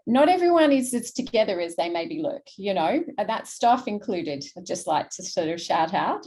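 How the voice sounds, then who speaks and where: A woman's voice: mid-range voice, darkish tone. An Australian woman, a university staff member, moderating a student panel in an encouraging, affirming way. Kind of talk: panel discussion.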